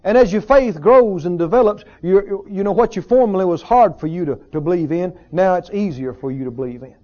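High-voiced preacher with a mellow tone. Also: male voice, fairly quick, lo-fi sound. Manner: earnest teaching with repetition and rhetorical questions. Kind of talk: sermon. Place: church service with a congregation.

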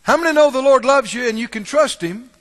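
A man preaching a sermon in church, asking the congregation questions and swinging between loud calls and hushed asides. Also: very high voice, expressive, brisk. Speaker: pastor. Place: church sanctuary. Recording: long reverb of a large hall.

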